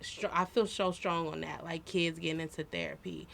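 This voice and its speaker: A woman's voice: low-pitched, steady tone, moderate pace, gravelly, a bit bright. A woman in her thirties, a podcast co-host sharing personal stories in an earnest, reflective, conversational way.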